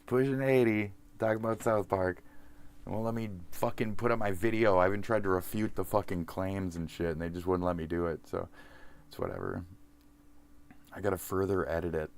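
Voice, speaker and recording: A man's voice: low-pitched, steady tone, a little fast, vocal fry. A man in his forties, a streamer, rambling through a profane, self-mocking sign-off to his viewers. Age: 40s.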